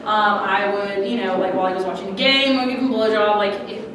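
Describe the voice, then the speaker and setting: A woman's voice: medium pitch, fast. A young woman doing a stand-up comedy set in a small restaurant, chatty and giggly, swearing freely. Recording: echoey room, mic from far off, crowd noise. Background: audience reacting.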